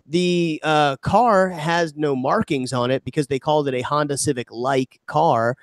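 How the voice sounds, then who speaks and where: A man's voice: a little high, measured pace, no room sound. Young man in loose, joking podcast banter. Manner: joking, swearing, puts on mock Canadian voice. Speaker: podcast co-host.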